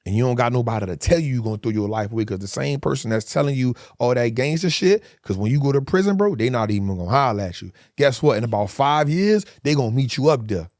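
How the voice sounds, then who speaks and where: Man, forties, emphatic storyteller, heavy street slang, mid-pitched voice, dry close sound. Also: animated, fast, hardly any pauses, darkish tone, dry recording. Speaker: guest. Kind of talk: candid interview storytelling.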